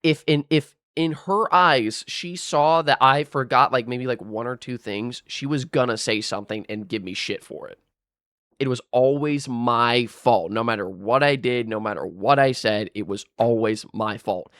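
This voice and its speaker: A man's voice: mid-range voice, normal speed, a bit bright, smooth, no room sound. Young guy venting while gaming, rambles and swears a lot, says bro, dead dry sound. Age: young adult. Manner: rambling and aggrieved, swearing, full of restarts and "bro". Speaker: gaming vlogger. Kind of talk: casual storytime rant while gaming.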